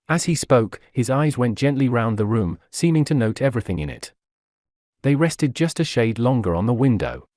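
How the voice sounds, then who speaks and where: Man reading a novel, measured and even, dry close sound. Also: medium pitch, no echo. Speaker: audiobook narrator. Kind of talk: scripted narration.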